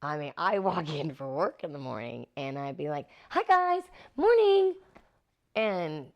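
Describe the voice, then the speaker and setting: A middle-aged actress being interviewed, animatedly telling stories and acting out the quotes. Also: female voice, sits low, normal speed. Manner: animated, acts out quotes with laughs. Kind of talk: anecdotal interview storytelling.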